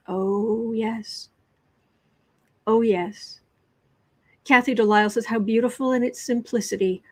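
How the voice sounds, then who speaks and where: Slow-talking American woman reading tarot. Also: fairly high pitch, dry recording. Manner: reads viewer comments aloud, drops to whispers at times. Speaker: tarot reader and livestream host. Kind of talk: casual livestream chat with tarot reading.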